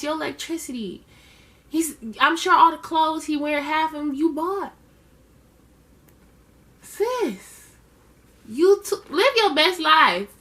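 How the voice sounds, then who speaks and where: A woman's voice: high-pitched, bright, forceful tone. A woman casually recapping a reality show episode in a chatty, sassy way, with slangy asides.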